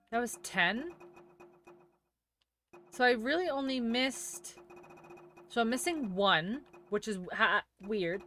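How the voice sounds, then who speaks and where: A woman's voice: a little high, bright, forceful tone, slight background noise. A woman streaming a video game, chatting casually and reacting aloud as she answers her chat. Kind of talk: casual gameplay commentary.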